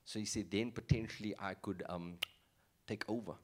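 A man with a South African accent performing a stand-up set, animated and playful with mocking asides. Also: on the low side, moderate pace. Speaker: stand-up comedian.

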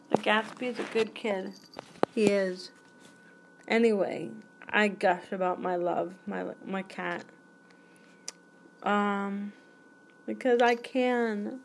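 A woman's voice: mid-range voice, a little hiss or hum. A woman in her forties hosting her own podcast, chatting in a goofy, rambling way and jumping from topic to topic. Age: 40s. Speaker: podcast host. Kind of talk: rambling solo podcast chat.

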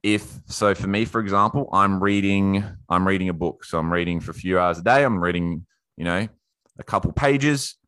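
A man giving casual self-improvement tips in a rambling, energetic way, swearing now and then. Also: sits low, normal speed, clear, resonant tone, no room sound. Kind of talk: casual live talk. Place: indoors.

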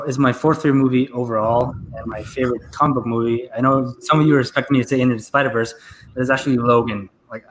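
A man's voice: medium pitch, poor audio. A man chatting casually on a panel, eager and enthusiastic. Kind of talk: casual chat.

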